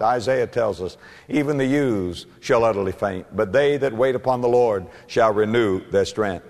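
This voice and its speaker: A man preaching a sermon, stressing key words by slowing down and rising in pitch. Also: expressive. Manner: emphatic preaching, slows and rises on key words. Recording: long hall reverb.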